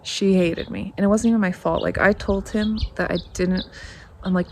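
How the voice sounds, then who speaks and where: A woman in her thirties telling family stories to camera in a rambling, animated way, acting out what people said. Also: medium pitch, normal speed, a little hiss or hum. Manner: rambling, animated, acts out quotes, laughs often. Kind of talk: casual storytelling to camera.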